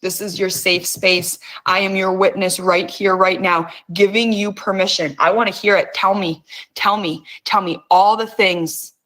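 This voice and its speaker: A woman's voice: mid-range voice, fairly even intonation, measured pace, a bit bright. A middle-aged woman hosting, coaxing listeners with intense words and frequent swearing. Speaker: host. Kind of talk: guided emotional release session.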